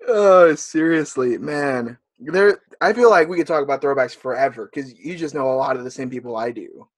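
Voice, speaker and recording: Relaxed man on a dry mic. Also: mid-range voice, moderate pace, no room sound. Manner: relaxed, lots of sighs and repeated words. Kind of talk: casual podcast chat.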